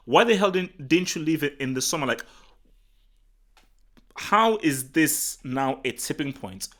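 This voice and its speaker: Excitable rambling man hosting a football stream. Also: fairly high pitch. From Nigeria. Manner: excitable, rambling, with frequent restarts and fillers. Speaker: football talk show host. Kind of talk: casual livestream commentary, reading the chat.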